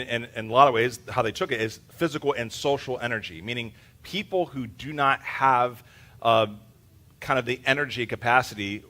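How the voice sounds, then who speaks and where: Bright-voiced pastor, casual and joking. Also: male voice, medium pitch. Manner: casual and joking, with many fillers. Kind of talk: sermon. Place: church sanctuary. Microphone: handheld microphone.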